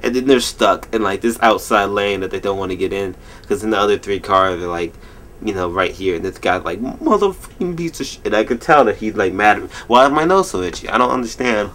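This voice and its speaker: A man in his twenties rambling jokily through a late-night vlog at home, telling stories in an animated way. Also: fairly low pitch, a little fast. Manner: rambling, jokey, animated storytelling. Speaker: vlogger.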